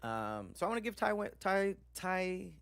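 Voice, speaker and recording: A man's voice: high voice, big pitch swings, normal speed, a bit bright, smooth, dry recording. A man streaming casually, chatting loosely with slang and swearing while he reacts to videos and reads viewer comments.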